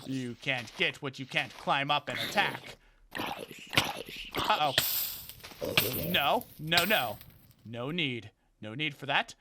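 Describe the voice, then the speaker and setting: A gaming streamer talking casually through his game, excitable, narrating his moves and shouting at the enemies. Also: a little high, slow pace, pauses often, background noise. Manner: excitable, talks to game enemies, frequent exclamations. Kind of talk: casual let's play commentary.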